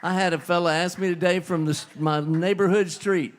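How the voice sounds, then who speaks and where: Between songs at a live music bar, a bandleader and singer with a slightly high voice rambles through folksy banter into a stage mic, at normal speed and with fairly even intonation. His live band plays guitar music behind him.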